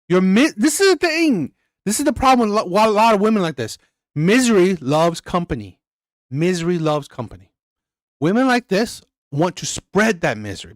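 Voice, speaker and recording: A man's voice: high-pitched, no echo, clean studio sound. A man hosting a reaction channel, ranting bluntly and crudely about a played clip. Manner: blunt, crude, repetitive and heated.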